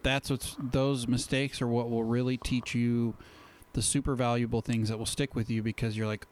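A man's voice: medium pitch, little pitch movement, moderate pace, few pauses, darkish tone. A man co-hosting a podcast in casual chat, explaining his points thoughtfully and often answering with short agreements. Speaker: podcast co-host.

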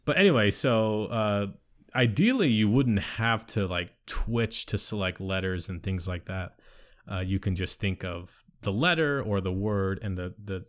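A man's voice: lowish voice, lively intonation, measured pace. A man chatting casually, explaining technology in a rambling way full of fillers and restarts.

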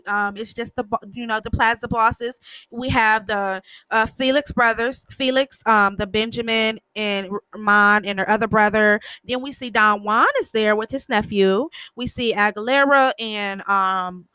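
A woman's voice: on the high side, pushed and bright, clean tone, no room sound. A woman casually recapping a TV episode, talking bluntly, swearing freely and tripping over her words. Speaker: show recapper.

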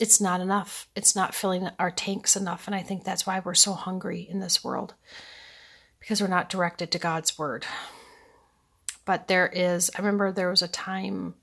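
A woman in her thirties hosting a casual faith podcast from home at night, rambling and sleepy, with soft laughs. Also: on the low side. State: sleepy, yawning. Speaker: podcast host.

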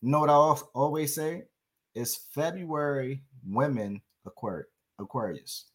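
A man, a guest in casual chat, talking in an easygoing, calm way. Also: medium pitch, a little slow.

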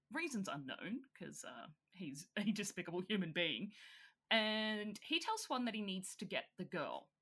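Woman laughing thru a movie recap, voice jumping all over. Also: mid-range voice. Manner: giggly, expressive recapping. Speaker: podcast co-host. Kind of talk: casual chat recapping a film.

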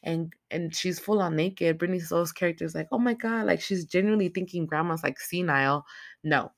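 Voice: mid-range voice, fairly quick, gravelly, no room sound, clean studio sound. A speaker casually recapping a movie's plot in heavy slang and constant swearing, acting out the characters' lines. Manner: profane, slangy, animated retelling; acts out characters' lines in quotes. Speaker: film recap commentator.

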